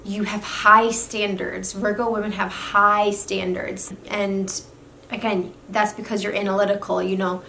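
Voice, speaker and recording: A woman's voice: medium pitch, level tone, unhurried, creaky, pushed and bright. A young woman talking casually to camera about astrology, chatty and filling her talk with "literally" and "like". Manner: chatty, says "literally" and "like" a lot. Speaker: astrology vlogger. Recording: echoey room with faint noise.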